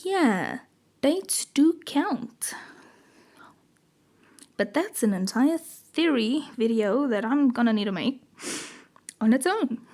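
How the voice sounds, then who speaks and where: Woman casually reading a comic aloud, giggly and chatty, unhurried, somewhat high voice. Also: lively intonation, darkish tone. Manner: giggly, chatty, self-mocking asides. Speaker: comic book reader. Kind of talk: casual read-along with commentary.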